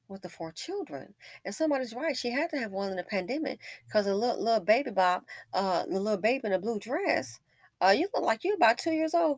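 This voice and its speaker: A woman's voice: on the high side, creaky, breathy edge, no echo. A woman hosts a casual commentary, her voice swinging up and down as she tells the story. She sounds opinionated and wry, and the recording is dry and close. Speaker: commentary channel host.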